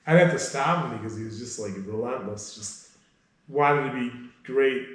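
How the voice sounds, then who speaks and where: Trainer guy telling blunt funny stories, ordinary pitch, super echoey room. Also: fairly bright tone. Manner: blunt, storytelling, quick to joke. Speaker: personal trainer. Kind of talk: casual interview chat.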